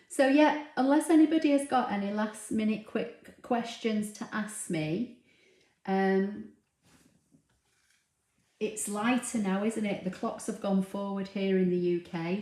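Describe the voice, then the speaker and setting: A woman's voice: medium pitch, warm tone. A woman hosting a casual craft livestream from home, chatting and reading out viewer comments with frequent ums. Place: home room with a dog nearby. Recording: roomy, echoey home recording.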